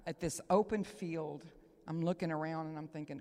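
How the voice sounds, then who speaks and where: A woman from Texas, preaching an emotional sermon, moving between loud proclaiming and hushed whispers. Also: deep voice, fairly even intonation, moderate pace. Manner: emotional, near tears. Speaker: guest preacher. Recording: long hall reverb.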